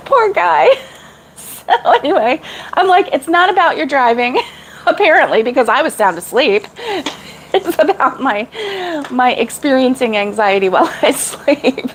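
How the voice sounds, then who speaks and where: A woman's voice: sits high, very animated, measured pace, long pauses, slight background noise, rough recording. A middle-aged woman chatting casually with live viewers about crochet, rambling and laughing often. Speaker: crochet vlogger.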